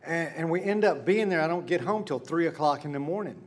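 Preaching a little fast in a voice on the high side, this middle-aged male pastor tells his sermon in a conversational, story-driven way. He dips into hushed asides before reaching emphatic peaks.

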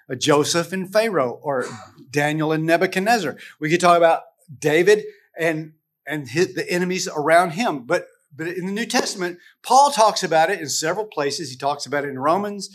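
High-voiced man teaching a Bible lesson. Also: a bit bright. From United States. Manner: conversational, with frequent restarts and rhetorical questions. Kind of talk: casual Bible lesson to a group.

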